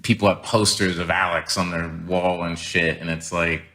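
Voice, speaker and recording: A man with a low voice and a sharp, bright tone, talking on a podcast. He reasons his point aloud earnestly, with many "you know"s. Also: little pitch movement, normal speed. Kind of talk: podcast interview.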